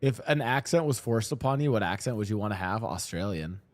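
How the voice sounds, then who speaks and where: A man's voice: on the low side, lively intonation, a little fast. A man streaming, reacting to clips in casual, profane commentary that rambles and restarts its sentences on a desk mic.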